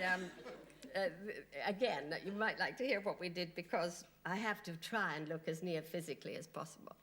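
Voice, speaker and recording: A woman guest on a TV chat show, telling animated anecdotes and laughing often. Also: fairly low pitch. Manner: giggly, animated storytelling with frequent laughs. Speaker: guest impressionist. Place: TV studio.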